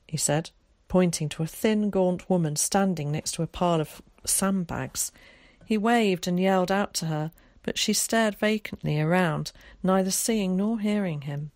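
Woman reading a novel aloud, calm, lowish voice, dry close sound. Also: no echo. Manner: calm, measured. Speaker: narrator. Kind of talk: audiobook narration.

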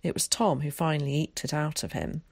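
Woman narrator, low-pitched, calm measured read, dry close sound. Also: gravelly, husky, dry recording. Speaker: audiobook narrator. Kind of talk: scripted narration.

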